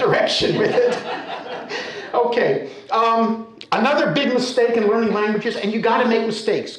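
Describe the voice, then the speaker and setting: An American man telling a humorous story live to an audience, in a conversational, animated way, often checking in with his listeners. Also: high-pitched. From United States. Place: storytelling center, indoor stage. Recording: roomy echo of a hall.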